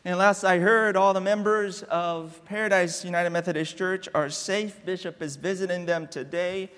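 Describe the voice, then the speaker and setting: A man preaching a sermon as a guest pastor in a church, telling a family story with drawn-out, deliberate repetitions. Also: sits high, fairly even intonation, a bit bright, in a large hall. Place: church sanctuary.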